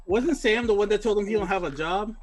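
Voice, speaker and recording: A man with a high voice co-hosting a casual movie podcast. He jokes around and often slips into quoting the people in the films. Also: brisk. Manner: joking, mimics characters in quotes. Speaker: podcast co-host. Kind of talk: casual movie review chat.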